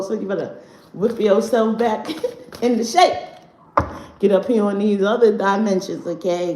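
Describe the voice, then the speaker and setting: A woman hosting a casual spiritual livestream from home, talking in an animated, profane way and laughing often. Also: on the high side. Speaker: livestream host. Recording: echoey room, faint background noise.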